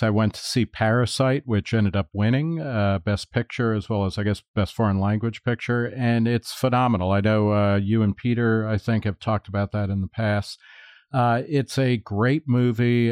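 A blunt, opinionated man on a podcast panel talks through his views with plenty of fillers. His voice sits on the low side. The sound is dry and close. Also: fairly even intonation, moderate pace, darkish tone, smooth, dry recording. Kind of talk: casual chat.

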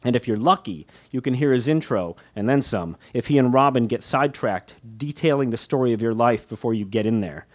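Reading his memoir aloud, this author is frank and wryly self-deprecating, slipping light laughs between phrases. He speaks at medium pitch, a little fast, with few pauses.

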